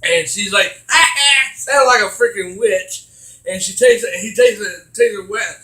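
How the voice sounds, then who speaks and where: A man giving a casual video game review, rambling and halting with many fillers, getting excitable as he retells scenes. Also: high voice, echoey room, low-quality recording.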